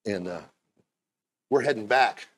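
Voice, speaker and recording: A man in his fifties preaching a sermon, moving between low, chatty storytelling and loud, shouted preaching. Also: a little slow. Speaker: pastor.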